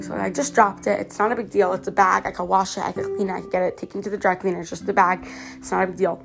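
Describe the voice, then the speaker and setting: A teenage girl from Canada talks through her own podcast in an earnest, chatty way, tripping over her words and restarting often. She is a little sick, and soft music plays faintly behind her. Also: medium pitch, little pitch movement, quick pace, vocal fry. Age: teens. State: slightly sick. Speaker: podcast host. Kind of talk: casual personal podcast monologue.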